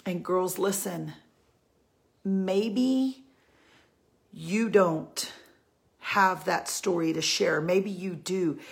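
A Christian women's encourager gives a heartfelt faith talk to her female followers, earnest and pleading, repeating key lines for emphasis. Her voice is mid-range and gravelly.

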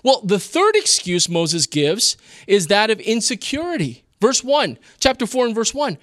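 A man preaching a sermon in an expressive, teaching manner with rhetorical questions. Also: high voice, a little slow, no room sound, studio quality. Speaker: pastor.

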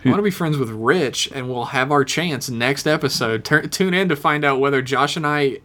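A man co-hosting a podcast, reading listener emails with deadpan, profane jokes. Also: mid-range voice, normal speed. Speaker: podcast co-host.

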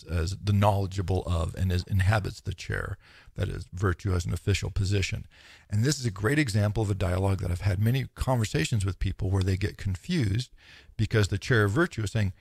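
A man with a gravelly, husky voice, pitched a little low, lecturing on philosophy. He muses aloud, restarts his sentences and slips into quoted asides. The sound is dry and close. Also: a little mellow, no echo. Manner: thoughtful, musing, with frequent restarts and quoted asides. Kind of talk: informal lecture.

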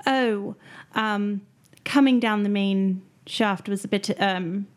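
A woman playing in a tabletop game, speaking in a measured, slightly formal way. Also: mid-range voice. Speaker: player. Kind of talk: casual tabletop chat.

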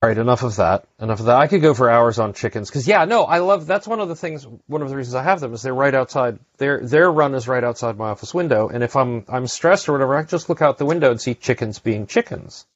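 A man's voice: mid-range voice, fast, hardly any pauses, no room sound. A man hosting a podcast, chatting casually and rambling with lots of fillers and restarts. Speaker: podcast host. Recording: dry, dull lo-fi sound.

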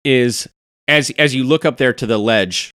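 Game master guy narrating the scene, calm and descriptive, dry close mic. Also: medium pitch, clear, resonant tone, no room sound. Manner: descriptive, measured narration with chuckles.

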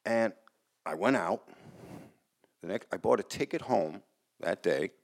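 A man's voice: lowish voice, very animated, normal speed, pauses often. A man telling a personal story live on stage in a casual, rambling way, swearing and restarting his sentences. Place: small hall in front of a live audience.

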